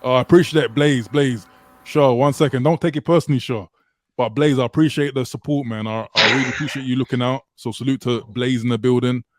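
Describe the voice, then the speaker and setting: A man's voice: medium pitch, fairly even intonation, brisk, no echo. A man hosting a casual livestream, chatty, hyping up viewers and reading out their messages. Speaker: livestream host. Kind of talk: casual livestream chat, reading super chats.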